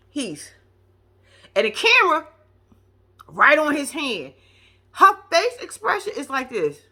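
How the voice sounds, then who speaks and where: A woman's voice: on the high side, normal speed. Blunt, profane woman recapping TV. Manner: blunt, profane, animated storytelling. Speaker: reality TV commentator. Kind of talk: casual recap commentary.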